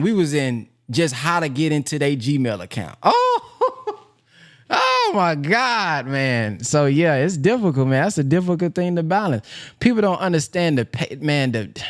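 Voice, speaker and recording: Minister-teacher man, animated and plain-spoken, higher voice with wide swings, talking casually to his audience. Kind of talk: casual heartfelt talk to an audience.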